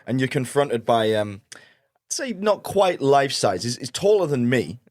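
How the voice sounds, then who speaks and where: A man's voice: mid-range voice, sing-song, unhurried, no echo. A man hosting an interview in a studio, playful and self-mocking, laughing often as he talks. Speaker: host. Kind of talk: casual interview. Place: recording studio.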